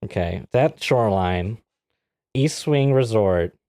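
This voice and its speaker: Slow and fairly low-voiced, this man co-hosts a podcast and spins a story in relaxed conversation. He's animated, laughs a lot, and acts out quotes. The studio sound is clean with no room sound.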